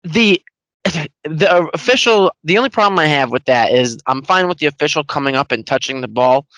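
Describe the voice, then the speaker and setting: A man's voice: a little high, lively intonation, a little fast, fairly bright tone, no room sound, rough recording. A man co-hosting a casual podcast, ranting in long, heated run-on complaints and cursing freely. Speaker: podcast co-host. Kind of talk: casual sports rant.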